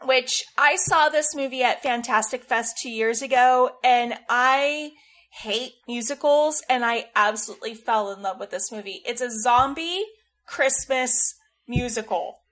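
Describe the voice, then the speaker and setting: A woman's voice: fairly high pitch, measured pace, a bit bright. A woman co-hosting a casual podcast, gushing over her recommendations and saying "like" often. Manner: gushing, with many likes. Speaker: podcast co-host. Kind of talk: casual chat.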